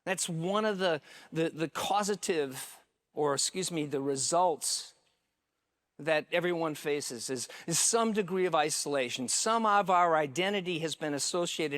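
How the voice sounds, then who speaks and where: A man, a care pastor, giving a welcome talk and telling a story into a microphone, halting with fillers and restarts. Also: a little high, a bit bright. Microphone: handheld microphone.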